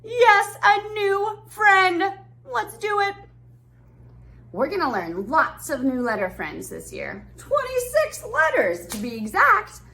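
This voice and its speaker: A woman teaching an online preschool class, talking to small children in a bright sing-song voice. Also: sits high, wildly swooping pitch, measured pace.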